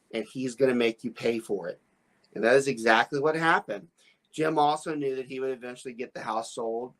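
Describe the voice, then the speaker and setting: This man's voice is medium in pitch and a bit bright. As a real estate broker hosting a podcast, he tells a rambling, stammering story with many restarts and lots of laughs.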